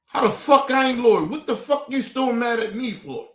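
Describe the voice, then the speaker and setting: A man in his forties vents in a heated, profane rant full of street slang. His voice sits fairly high for a man. The room around him is echoey. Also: animated, normal speed. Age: 40s. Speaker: host.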